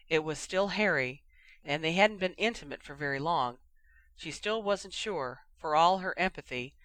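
A reader narrating a fan fiction audiobook in a steady, even storytelling manner. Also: medium pitch, clean tone, dry recording.

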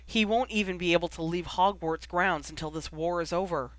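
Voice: brisk, a bit bright, dry recording, lightly acted, low-quality recording. A reader voicing a protective older brother, a young man who talks in an earnest, reassuring way. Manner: earnest, reassuring, low muttering.

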